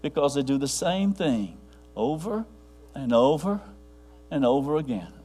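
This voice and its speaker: A man preaching a sermon to a congregation, rambling with restarts and dropping to a near hush for his quiet points. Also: a little high, sing-song, unhurried, husky, faint music behind. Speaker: pastor.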